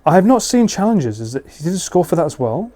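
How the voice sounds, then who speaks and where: Chatty guy on a live stream, jokes around, voice a bit on the high side. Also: sing-song, quick pace, mellow. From United Kingdom. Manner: chatty, laughs often, jokey. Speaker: livestreamer. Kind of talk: casual live-stream chat with viewers. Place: house.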